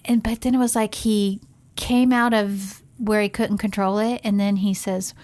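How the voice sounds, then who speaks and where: A woman's voice: mid-range voice, level tone, normal speed, darkish tone. Earnest middle-aged woman recounting a story. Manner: earnest storytelling, frequent "like" fillers. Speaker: podcast co-host, parent. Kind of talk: casual conversational podcast.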